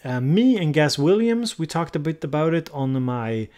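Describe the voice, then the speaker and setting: A man's voice: fairly high pitch, sing-song, normal speed, a little mellow. Casual male livestream host thinking aloud. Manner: thinks aloud, sometimes searching for the right English word. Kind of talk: casual livestream chat, answering viewer comments.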